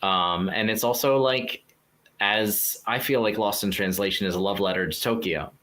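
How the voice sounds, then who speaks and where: A man's voice: lowish voice, normal speed, fairly bright tone, slight background noise. A man co-hosting a podcast in casual chat, rambling loosely and laughing often. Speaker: podcast co-host.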